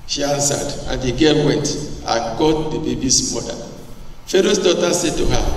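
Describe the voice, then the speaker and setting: A man preaching a sermon, animated, who often asks the congregation questions. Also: medium pitch, normal speed, slight background noise. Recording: echoey church hall, distant mic.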